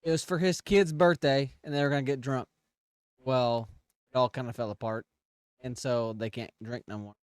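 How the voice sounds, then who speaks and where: A man's voice: mid-range voice, fairly even intonation, moderate pace, clean tone, no echo, clean studio sound. A man co-hosting a casual podcast, retelling a family argument with jokes. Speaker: podcast co-host. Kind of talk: casual chat, storytelling.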